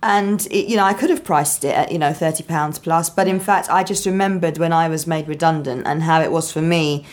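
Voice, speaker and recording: Woman guest, lowish voice, explains stuff slowly with lots of ums. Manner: measured, explanatory, many ums. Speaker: guest, marketing founder. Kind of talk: interview answers.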